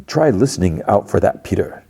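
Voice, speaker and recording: A man voicing an older male tech mogul who speaks in a measured, courteous way. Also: deep voice, big pitch swings, vocal fry, warm tone, husky, exaggerated voice. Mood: calm helpful.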